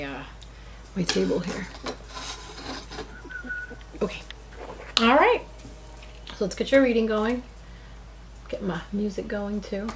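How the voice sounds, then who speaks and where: A woman's voice: lowish voice, slight background noise. A woman giving a casual, chatty tarot reading who talks to her cards and addresses her viewers directly. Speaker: tarot reader.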